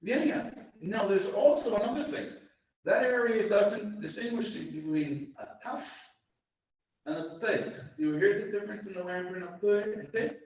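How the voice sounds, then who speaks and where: A man giving an informal lecture, telling anecdotes in an animated, digressive way to a group. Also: high voice, normal speed. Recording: very echoey room, mic far off.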